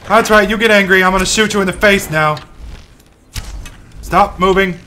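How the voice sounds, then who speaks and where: A young man hosting a let's play, commentating excitably and shouting curses at the game. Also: high-pitched, a little fast, slight background noise. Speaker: gaming channel host.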